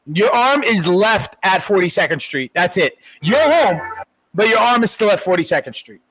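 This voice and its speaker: A man with a noticeably high voice riffs on a podcast in casual, crude banter. He is excitable and swears freely. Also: moderate pace, rough recording. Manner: excitable, swears often, laughs loudly. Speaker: podcast co-host.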